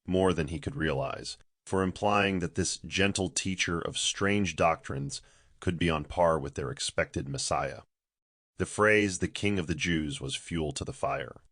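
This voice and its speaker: A man narrating a scripted religious story in a steady, solemn manner. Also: low voice, dry recording, clean studio sound.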